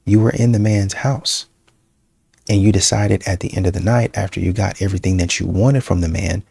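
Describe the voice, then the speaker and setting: A man commenting on a clip in a measured, lecturing way. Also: deep voice, fairly even intonation, creaky, warm tone, slightly rough, dry recording. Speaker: reaction commentator.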